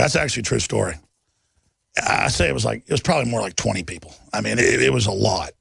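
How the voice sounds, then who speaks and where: A man hosting a radio show, telling a rambling story on air, excitable and prone to shouting. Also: medium pitch, brisk, dry recording. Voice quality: gravelly. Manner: excitable, bursts into shouts, then sheepish.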